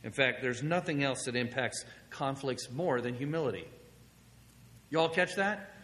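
A man's voice: medium pitch, a little slow. Man preaching in an echoing hall. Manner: conversational storytelling, animated when quoting himself. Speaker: pastor. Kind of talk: sermon. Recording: long hall reverb, faint noise.

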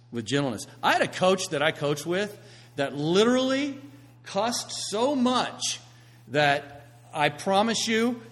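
A man preaching a sermon, swinging from hushed, quiet passages to loud, emphatic ones. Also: a little high. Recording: long reverb of a large hall.

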